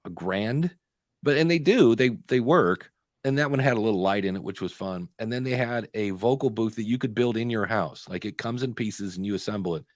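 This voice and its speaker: Chatty man, low voice, dry sound. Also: no echo. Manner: chatty storytelling, pausing to hunt for words. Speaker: podcast co-host. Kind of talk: casual chat on a live stream.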